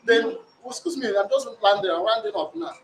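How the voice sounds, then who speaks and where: A man with a Nigerian accent recounting a domestic dispute as a complainant, in a rambling, repetitive, animated way. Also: high-pitched, brisk, slight background noise. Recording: roomy sound from a distant mic.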